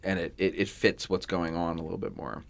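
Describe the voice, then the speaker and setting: A man in his thirties hosting a podcast, chatting casually about musicals and slipping into animated quoted voices. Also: sits low, brisk, gravelly. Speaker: podcast host.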